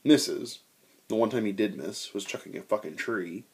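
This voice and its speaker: A young man telling a tabletop game story in a casual, animated way, swearing and acting out quotes. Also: on the low side, normal speed, breathy edge.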